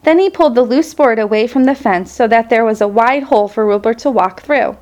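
A woman reading a children's storybook aloud in a gentle, expressive way, with small slips and restarts. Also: on the high side, brisk. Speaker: storybook reader.

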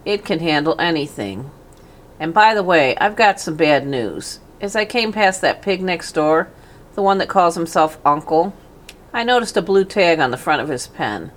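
A woman voicing a greedy, gluttonous male rat with a husky, hoarse voice and a smug, snarling manner. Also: lowish voice, lively intonation, normal speed, natural voice. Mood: smug, gloating.

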